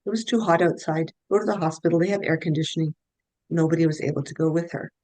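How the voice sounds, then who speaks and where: A woman's voice: sits low, fast, dark tone, dry recording, low-quality recording. A middle-aged woman, a guest health practitioner, telling case stories in an earnest, anecdotal way and restarting her sentences often. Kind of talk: conversational interview storytelling.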